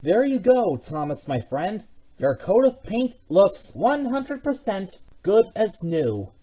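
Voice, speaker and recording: A woman voicing a kind, fatherly male workshop boss who talks gently and reassuringly. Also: medium pitch, big pitch swings, slow pace, husky, full character voice. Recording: music behind the voice.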